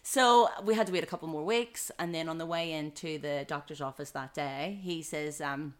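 A woman in her thirties with an Australian accent, a guest telling her story in a casual interview, animated and acting out what people said. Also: deep voice, normal speed. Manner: animated storyteller, acts out quotes with big laughs. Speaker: guest, mother of triplets.

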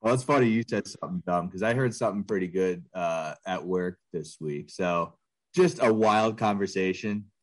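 A man in his thirties co-hosts a casual podcast chat, rambling with lots of filler words. His voice sits low and he talks at normal speed.

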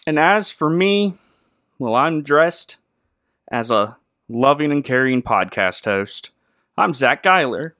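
A man's voice: mid-range voice, big pitch swings, takes it slowly, a bit bright, dry recording, clean studio sound. A young man hosting a casual, joking podcast chat. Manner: jokey and playful. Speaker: podcast host.

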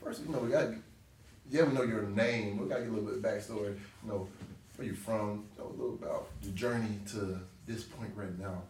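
A man's voice: on the low side, fast talker, darkish tone. A man hosting a podcast interview, joking and laughing often in a casual chat. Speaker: podcast host. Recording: roomy, distant mic with faint noise.

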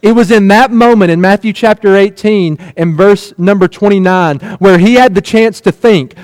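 A man's voice: sits high, moderate pace, hardly any pauses, darkish tone, no echo. A man preaching a sermon, retelling a parable with earnest rhetorical questions and repeated phrases.

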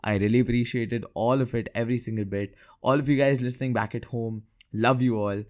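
A man's voice: medium pitch, steady tone, a little fast, darkish tone. Stammering young male podcast host. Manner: stammers and repeats words, laughs at himself. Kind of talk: casual solo podcast commentary.

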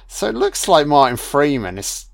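A man's voice: on the high side, wildly swooping pitch, normal speed, gravelly, no echo. A man giving casual, irreverent film commentary, sarcastic and swearing constantly. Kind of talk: casual profane movie commentary.

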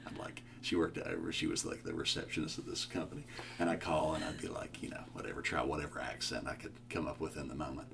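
A young man as a podcast guest, talking about faith in a casual chat, with animated, joking storytelling. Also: very deep voice, quick pace, vocal fry. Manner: animated storytelling, jokey asides.

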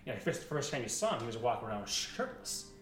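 A man's voice: medium pitch, sing-song, fast, distant mic. A man narrating a tabletop game as game master, rambling and often cutting himself off mid-phrase. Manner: rambling, self-interrupting. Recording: echoey room, off-mic, music bed.

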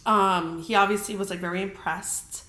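A young adult woman hosts a podcast, telling a story in casual chat that's packed with the filler "like" and free swearing. Her voice is medium-pitched and steady, at normal speed with a sharp tone. The room has a roomy echo.

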